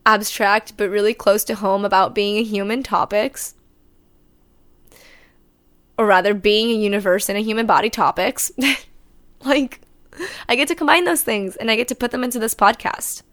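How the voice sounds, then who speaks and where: A woman's voice: mid-range voice, moderate pace, pauses often, a bit bright. Candid rambling woman podcast host. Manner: candid, rambling, self-correcting, casual swearing. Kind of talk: unscripted solo podcast monologue.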